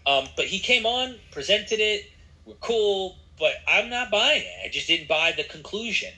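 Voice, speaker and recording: Laid-back male podcaster with a sharp, bright tone, slangy. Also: sits high, very animated, measured pace, low-quality recording. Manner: laid-back, slangy, says dude and bro. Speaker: podcast host. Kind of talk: casual podcast conversation.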